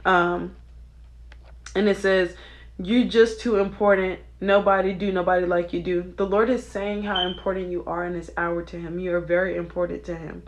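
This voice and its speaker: A young woman who makes Christian videos offers casual spiritual commentary on song lyrics, chatty and excitable as she frequently checks in with her listeners. Her voice is on the low side and she speaks at a normal speed.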